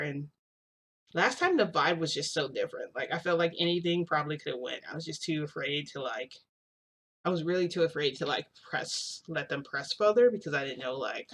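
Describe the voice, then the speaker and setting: A young woman tells a long personal story in a loose, chatty vlog style. Her voice is bright and forceful. She keeps filling with "like" and restarting her sentences as she goes. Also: deep voice. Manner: rambling, heavy use of "like", frequent restarts. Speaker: vlogger. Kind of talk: casual storytelling.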